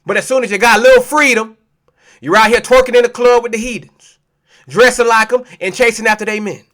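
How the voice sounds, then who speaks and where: High-pitched fiery male preacher. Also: fairly even intonation, brisk, a bit bright. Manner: preachy, profane, calls out listeners as family. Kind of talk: fiery street sermon.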